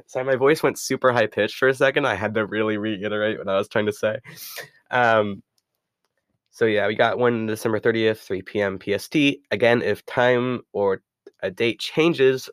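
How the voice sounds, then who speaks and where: A man's voice: lowish voice, a bit bright, no echo, clean studio sound. A man hosting a podcast in casual talk, rambling and correcting himself, chuckling often. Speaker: podcast host.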